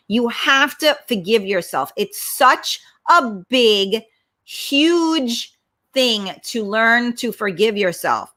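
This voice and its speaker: A woman's voice: fairly high pitch, bright, forceful tone. A middle-aged woman, hosting a casual livestream chat, blunt and emphatic, swearing freely as she answers viewer comments. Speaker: talk show host.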